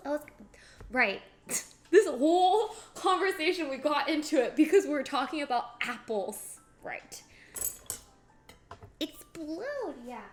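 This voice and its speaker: Bubbly high-voiced woman chatting while cooking. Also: expressive, a little slow, soft background music. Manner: bubbly, giggly, talks to chat while cooking. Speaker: cooking streamer. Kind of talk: casual cooking stream chat.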